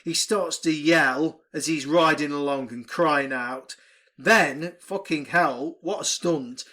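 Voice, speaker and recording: A man co-hosting a casual film podcast, recapping the plot in an animated, sweary way and putting on quick mock voices. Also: on the high side. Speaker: podcast co-host. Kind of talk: casual film review chat.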